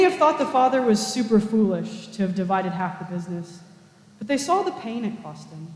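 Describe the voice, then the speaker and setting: A man's voice: high voice, lively intonation, a little fast. A man preaching a storytelling sermon in a conversational style with casual asides, in a cathedral. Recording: echoey cathedral reverb.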